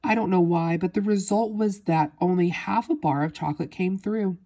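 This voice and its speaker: A woman reading aloud, voicing an eccentric, excitable man who speaks in theatrical exclamations. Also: lowish voice, normal speed. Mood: worried. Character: eccentric excitable male chocolate maker.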